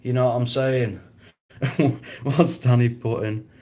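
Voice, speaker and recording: Slow-talking man laughing. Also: medium pitch, fairly even intonation, warm tone. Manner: laughs often, rambling and repetitive. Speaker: live streamer. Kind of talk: casual live-stream chat, answering viewers.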